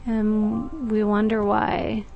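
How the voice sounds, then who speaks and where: Slow, reflective woman reading aloud. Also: mid-range voice, level tone, gravelly, narrow, tinny audio, faint music behind. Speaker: music teacher.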